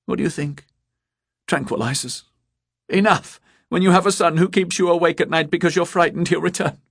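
A man's voice: on the high side, brisk, vocal fry, fairly bright tone, no echo, clean studio sound, pitched above the performer's own voice. A man reading a story voices a despairing mother, tearful and faltering, raised well above his own voice. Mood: bitter. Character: despairing middle-aged woman, a worried mother.

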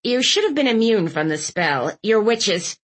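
A woman's voice: medium pitch, sing-song, unhurried. A woman voicing a bossy, blunt elderly aunt who barks her words with scorn. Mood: scornful. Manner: barking, scornful.

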